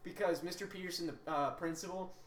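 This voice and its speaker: A man's voice: high voice, fairly even intonation, quick pace, fairly bright tone. A young man co-hosting a casual podcast, telling stories with lots of swearing and acting out the people he quotes. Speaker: podcast co-host. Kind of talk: casual chat. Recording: echoey room, distant mic, faint noise.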